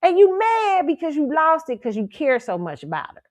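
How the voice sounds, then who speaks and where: Host, woman, AAVE, blunt and profane, a bit high-pitched, dry close mic. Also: moderate pace, dry recording. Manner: blunt, profane, scolding and animated. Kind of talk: casual pop culture commentary. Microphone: streaming microphone.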